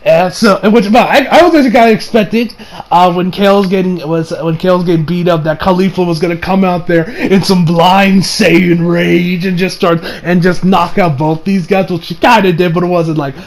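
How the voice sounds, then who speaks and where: A man giving a casual, rambling episode review, excitable and laughing, who acts out the characters' lines in quick voices. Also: high-pitched, soft background music, low-quality recording. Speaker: anime reviewer.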